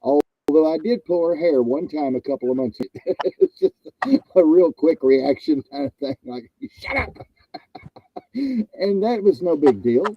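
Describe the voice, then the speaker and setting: A man's voice: a little high, expressive, a little slow, pauses often, no room sound, muffled recording. A man hosting a casual chat, rambling and joking and repeating himself. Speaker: host.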